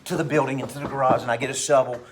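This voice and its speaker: A male teacher with a middle-pitched voice tells a personal anecdote to his students. He rushes through some parts and slows down for others, leaning into the story with plenty of expression. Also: noisy background. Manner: animated anecdote with big swings in pitch and pace. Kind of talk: storytelling in class.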